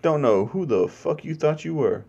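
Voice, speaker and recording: A man's voice: fairly high pitch, lively intonation, normal speed, gravelly, a little mellow, breathy edge, dull audio, pitched above the performer's own voice, full character voice. A man voicing a defiant giant ape king who talks in profane street slang.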